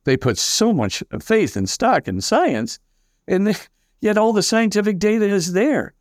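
An older man, a priest as guest, telling stories in an animated way and acting out the voices of the people in them. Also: high-pitched, measured pace, no room sound, clean studio sound. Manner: lively, acts out quoted voices, many fillers. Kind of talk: animated anecdotal storytelling.

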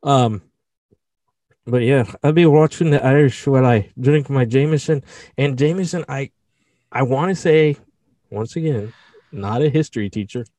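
A young man co-hosting a podcast, animated and jokey, swearing freely in casual chat. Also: medium pitch, normal speed, long pauses, no room sound. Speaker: podcast co-host.

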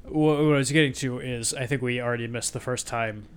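A man in an ordinary mid-range voice chats through movie scenes, stacking up fillers and cursing freely. His talk is loose and unpolished, like a relaxed podcast conversation between friends. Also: medium pitch, fairly quick, clear, resonant tone. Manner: loose, filler-heavy, swearing, retelling scenes. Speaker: podcast co-host. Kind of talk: casual movie discussion.

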